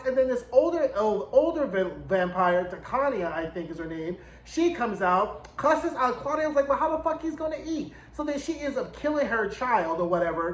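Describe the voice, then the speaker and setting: A man giving a casual, blunt, profanity-laced recap and review of a TV episode, full of sassy asides. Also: extremely high pitch. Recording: roomy echo.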